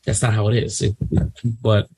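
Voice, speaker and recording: A man co-hosting a casual chat, talking in an animated, indignant way with many restarts. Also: fairly low pitch, normal speed. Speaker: podcast co-host.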